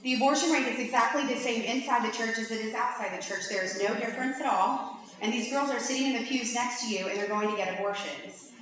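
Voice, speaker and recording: A woman giving an animated, chatty faith-based conference talk, full of "like"s. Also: a little high, fast. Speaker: conference speaker. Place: large lecture hall. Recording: echoey hall from far off, faint hiss.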